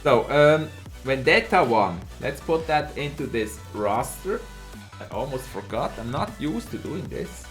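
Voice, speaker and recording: Swiss German male caster, lively and chatty, over a low bed of music. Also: measured pace. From Switzerland. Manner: excitable, chatty, reads out chat and laughs. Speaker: esports caster and streamer. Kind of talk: live game commentary.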